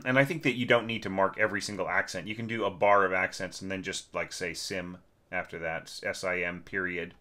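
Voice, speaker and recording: Male orchestration teacher, low voice, stuffed-up and throat-clearing, chatty score review with a sharp edge. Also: moderate pace. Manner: conversational, many fillers and tag questions. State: congested, clearing his throat. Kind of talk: casual spoken score critique.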